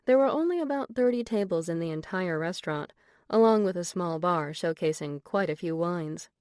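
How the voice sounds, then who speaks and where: A woman narrating an audiobook in a composed, even storytelling manner on a close studio mic. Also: on the low side, normal speed, no room sound. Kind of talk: scripted narration.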